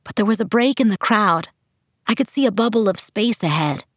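A woman's voice: mid-range voice, expressive, a little fast, dry recording, studio quality. A woman reading a first-person novel aloud as an audiobook narrator, telling it with tense urgency.

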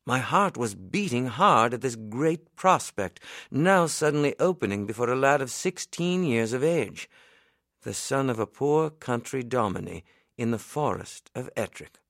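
A man reading an audiobook as narrator, in a steady, unhurried storytelling manner. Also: medium pitch, dry recording, clean studio sound. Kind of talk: scripted narration.

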